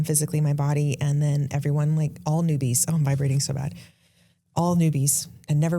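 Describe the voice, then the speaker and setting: A woman in her thirties hosting a podcast, telling an emotional personal story with rushes and halting restarts. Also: sits low, warm tone. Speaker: podcast host. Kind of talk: casual conversation.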